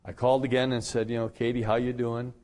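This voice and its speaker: A middle-aged male pastor giving a radio sermon, telling a story in a conversational way with lively jumps in pitch. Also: quick pace.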